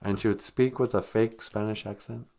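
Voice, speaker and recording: A man hosting a comic podcast, rambling and deadpan with sarcastic asides. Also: on the low side, normal speed. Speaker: podcast host.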